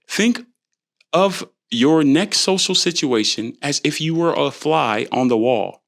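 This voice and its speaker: A young man hosting a solo podcast, talking in a playful, animated way and often jumping into quoted voices. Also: mid-range voice. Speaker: podcast host. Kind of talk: solo motivational podcast talk.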